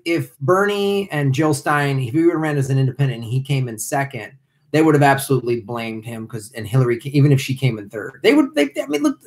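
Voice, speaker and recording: Teasing, animated man co-hosting a show. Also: mid-range voice. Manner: animated, teasing, thanks donors. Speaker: co-host of a live online show. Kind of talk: casual comedic chat.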